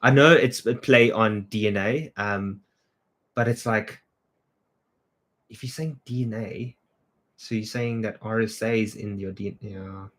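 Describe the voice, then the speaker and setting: A man's voice: on the low side, measured pace, long pauses, a bit bright. A man from South Africa, a creative director, chatting casually on a livestream, greeting viewers and answering their comments off the cuff.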